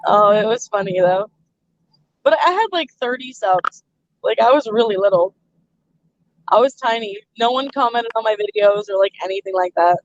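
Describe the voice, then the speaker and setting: A woman hosting a live stream in casual chat, chatty and quick to laugh at herself. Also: medium pitch, expressive. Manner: chatty, laughs often, self-deprecating. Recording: muffled lo-fi sound.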